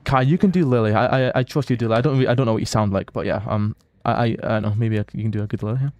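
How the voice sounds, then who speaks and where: A man's voice: fairly low pitch, racing, darkish tone, dry recording. A Scottish man chatting casually with viewers while streaming a game, reading out their comments and often restarting his sentences. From Scotland. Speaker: livestreamer. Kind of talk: casual live gameplay chat.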